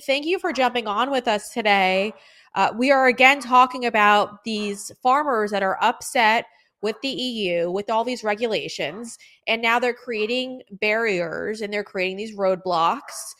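A woman's voice: fairly high pitch, fairly bright tone. A woman hosting a news commentary show, introducing a story and interviewing a guest in a conversational, opinionated way.

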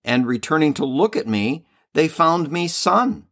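A man reading the part of a loving heavenly mother and queen, slow, solemn and tender, in a devotional reading. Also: fairly high pitch, big pitch swings, a bit bright, exaggerated voice.

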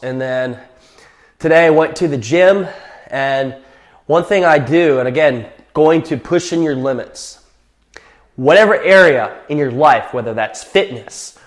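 A man hosts his own motivational podcast, talking off the cuff at a medium pitch. He is a little out of breath, and he rambles in a self-assured way. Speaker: podcast host. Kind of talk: casual solo podcast talk.

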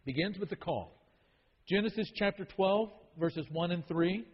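A man's voice: high voice, moderate pace, slightly rough. A man teaching a Bible study in a sermon style, emphatic and repeating key phrases for weight. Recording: dull lo-fi sound with long hall reverb.

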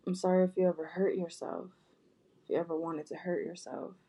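A woman talks softly and directly to her viewers, offering heartfelt apologies and comfort. Her low voice has a gravelly, husky texture, and she often restarts and repeats her phrases. The tone stays dark and mellow throughout. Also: level tone, brisk. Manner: gentle, soft-spoken, repetitive, with frequent restarts. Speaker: vlogger.

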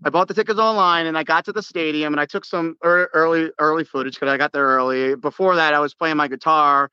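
High bright-voiced excitable man. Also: quick pace, smooth, no room sound, dull audio. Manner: excitable storyteller, acts out his own shouts; many restarts and repeated words. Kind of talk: casual sports chat.

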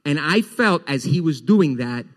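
A man preaching a Sunday sermon as pastor, animated, repeating words and voicing the congregation's questions. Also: a little high, measured pace.

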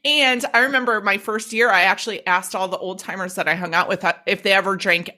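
A woman hosting a podcast, telling a story in a casual, profane, animated way and acting out the quotes. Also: mid-range voice, fast. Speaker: podcast host.

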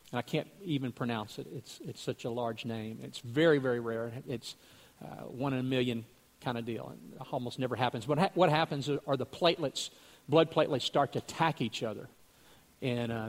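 A man earnestly telling a religious testimony story, acting out what other people said. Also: mid-range voice.

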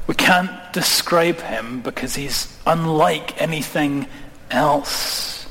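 A man preaching a sermon, asking the congregation questions and dropping his voice slowly on key words. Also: fairly high pitch, fairly bright tone. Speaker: pastor. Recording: long hall reverb.

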